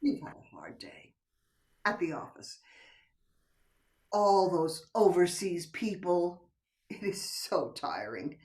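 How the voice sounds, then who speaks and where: A stage actor, an older woman, plays a teasing, unfaithful wife in a play read over video call, coaxing in a soothing tone and occasionally whispering. She speaks slowly with frequent pauses, her lowish voice steady and slightly mellow. The mic is a bit far from her.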